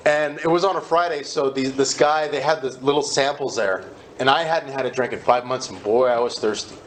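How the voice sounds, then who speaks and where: A man's voice: medium pitch, fairly quick, a little hiss or hum. A man speaking at a recovery meeting, telling his own story candidly and with self-deprecating humor, acting out what people said.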